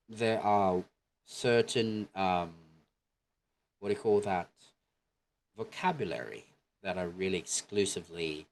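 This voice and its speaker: Slow, deep-voiced male English teacher. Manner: slow and deliberate, keeps checking with "okay?". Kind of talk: online English lesson.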